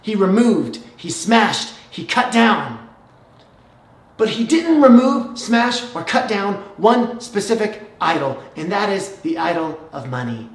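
A preacher delivers a sermon as lively storytelling, dropping to near hushes and then building up again. The voice has a middling pitch. A roomy echo surrounds everything. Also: slow pace, far from the mic. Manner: animated storytelling, shifts between hushed and loud.

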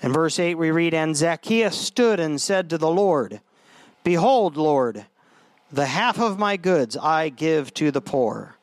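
A man's voice: on the high side, animated, slow pace, no echo. A man preaching a sermon in a conversational way, often restarting his phrases. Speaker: pastor.

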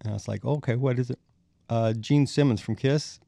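A middle-aged man, a bassist and podcast guest, telling animated stories, acting out quotes and chuckling as he goes. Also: fairly quick, vocal fry, no echo. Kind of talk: anecdotal storytelling in conversation.

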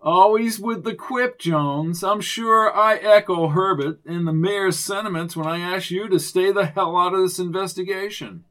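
A man reading an audiobook, voicing a snooty, pompous male official who speaks in a loud, clipped way. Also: high-pitched, normal speed, few pauses, pitched above the performer's own voice. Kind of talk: audiobook character voice.

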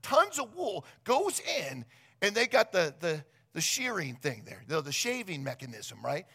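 A man preaching a sermon, telling stories in an animated, conversational way with casual asides. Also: on the high side, unhurried, slightly rough. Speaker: pastor.

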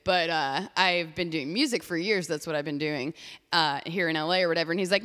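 Young woman, casual chat, bright forceful voice, lively storytelling, swears, long reverb in the room. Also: lowish voice, quick pace. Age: young adult. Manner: animated storyteller, swears freely, acts out quotes.

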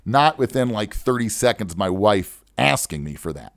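Clean, dry studio sound captures a middle-aged man with a lowish voice and vocal fry speaking at a moderate pace into a studio microphone. A financial adviser hosting a solo money-focused radio show, he's animated and jokey, drifts off topic, and calls himself wound up.

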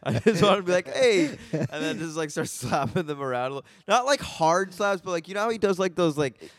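Clear-voiced man retelling a movie. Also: a little high, brisk. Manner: animated retelling, acting out lines. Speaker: podcast co-host. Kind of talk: casual chat.

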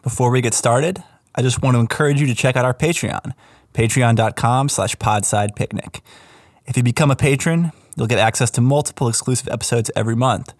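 A man hosting a podcast in relaxed, chatty conversation. His voice sits at an ordinary middle pitch. He talks with enthusiasm and a self-deprecating streak. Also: brisk. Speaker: podcast host. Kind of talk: casual podcast chat.

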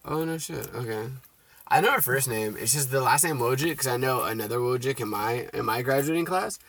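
Loud, profane young man in casual chat. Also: mid-range voice, fairly quick. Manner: profane, excitable, argues loudly. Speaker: podcast co-host.

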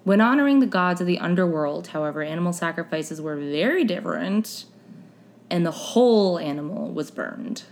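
A young woman with a fairly low voice hosts a relaxed chat show. She reads her notes aloud and drops dry, joking comments between the facts. She trips over unfamiliar names. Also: moderate pace. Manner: chatty, wry asides, stumbles over unfamiliar names. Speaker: podcast host. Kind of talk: casual chat, reading history notes aloud.

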